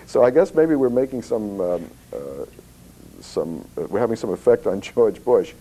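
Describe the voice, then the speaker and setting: A man's voice: fairly low pitch, expressive, unhurried, warm tone, low-quality recording. A man giving an anecdotal public talk about his comics company, telling stories with many fillers and restarts. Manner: storytelling, acts out voices in quotes, many fillers. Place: historical society talk.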